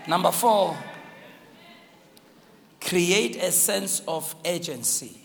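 South African bishop, very lively swooping delivery, fervent repeated calls, long hall reverb. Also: male voice, high voice, a little slow, creaky, slight background noise. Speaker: bishop preaching. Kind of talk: live sermon. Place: large church hall.

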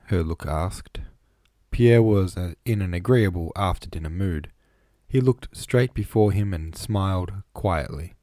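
A man narrating a classic novel as an audiobook, measured and even. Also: sits low, no room sound. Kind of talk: scripted narration.

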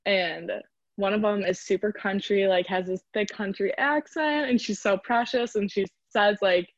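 A woman's voice: mid-range voice, normal speed, no room sound, muffled recording. A young woman from the Chicago area, chatting casually in an interview as a college rower and filling her speech with "like". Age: young adult. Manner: chatty, lots of "like" fillers.

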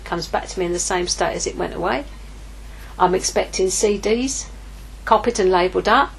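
A woman's voice: medium pitch, moderate pace, gravelly, slightly rough, poor audio. A middle-aged woman giving an informal sermon, telling a personal story candidly and acting out her own inner dialogue. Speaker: ministry leader preaching.

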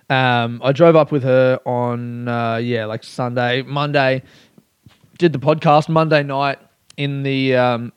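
A man's voice: mid-range voice, smooth, no room sound. A young man hosting a solo podcast, rambling candidly, swearing freely and laughing at himself. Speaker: podcast host.

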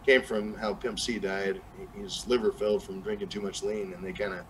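A man's voice: fairly low pitch, flat delivery, normal speed, slight background noise, poor audio. A young man with a Southern accent, chatting casually as a podcast guest and rambling with lots of fillers and restarts. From New Mexico. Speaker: guest rapper.

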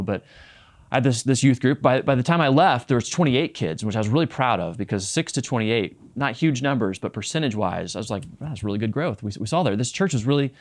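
Gravelly-voiced male pastor preaching. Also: on the low side, a little mellow. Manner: earnest, repeats words and restarts phrases; reads scripture aloud, then explains it. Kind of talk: sermon.

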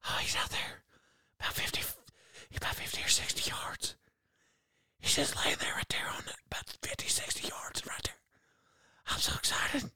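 A man puts on a giddy deer hunter for a spoken comedy bit. He whispers every line, airy and near-silent, bursting with hushed excitement. The dry sound keeps each breath close. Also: normal speed, long pauses, no room sound.

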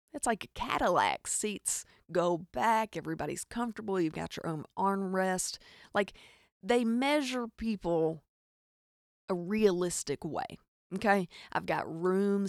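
A woman from Arkansas with a Southern Arkansas accent, telling a funny story as a podcast host, with animated, exasperated asides. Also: medium pitch, creaky, no room sound, clean studio sound. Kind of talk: comedic storytelling monologue.

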